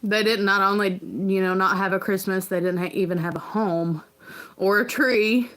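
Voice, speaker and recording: A woman hosting a casual livestream, talking in an earnest, rambling, halting way as a parent. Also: mid-range voice, steady tone, fairly bright tone. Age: adult parent. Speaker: livestream host.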